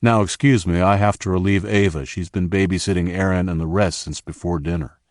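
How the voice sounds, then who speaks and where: A man's voice: low-pitched, steady tone, brisk, darkish tone, dry recording, clean studio sound, natural voice. A man voicing a secretive, playful man with a coy manner. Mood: brisk. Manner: mysterious, coy.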